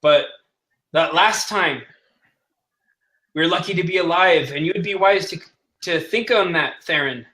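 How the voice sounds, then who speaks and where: A man voicing a proud male ship captain who takes offense easily, gruff and bristling. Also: a little high, unhurried, pauses often, bright, forceful tone. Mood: stern.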